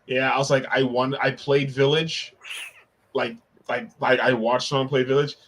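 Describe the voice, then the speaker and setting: A man's voice: medium pitch, little pitch movement, moderate pace, a bit bright, slight background noise, rough recording. Joking, self-deprecating man chatting. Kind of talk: casual chat.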